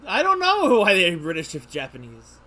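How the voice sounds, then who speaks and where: A man's voice: high voice, wildly swooping pitch, moderate pace, pushed and bright, slight background noise. A man streaming a video game, chatting casually, chuckling often and reacting to what he reads on screen. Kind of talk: casual gaming commentary.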